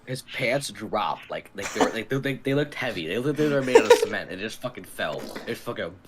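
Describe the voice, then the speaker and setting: Young guy, lowish voice, rambling laughing storyteller, noisy mic hiss. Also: lively intonation, brisk. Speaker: podcast co-host. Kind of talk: casual chat.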